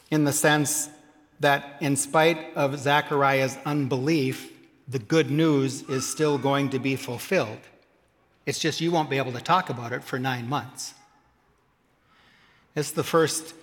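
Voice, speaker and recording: A man's voice: fairly high pitch, fairly bright tone, long reverb tail. A man preaching a sermon, reading scripture aloud and adding humorous asides. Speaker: pastor.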